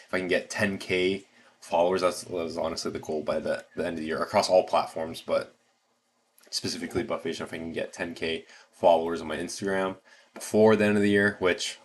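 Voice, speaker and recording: A man with an American accent hosting a casual livestream, rambling with lots of fillers and restarts. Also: sits low. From United States. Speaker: livestream host.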